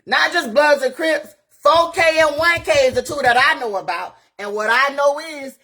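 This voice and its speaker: A woman's voice: high voice, normal speed, sharp tone. A woman community activist from Florida, ranting bluntly and profanely on a live phone video and firing off rhetorical questions. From Gainesville, Florida. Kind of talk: impassioned live-video rant.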